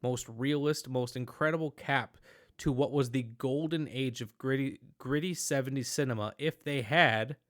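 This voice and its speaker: A man hosting a podcast, chatting casually about a film, talking in animated, rambling bursts with many restarts and fillers. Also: mid-range voice, normal speed. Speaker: podcast host. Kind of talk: casual movie review chat.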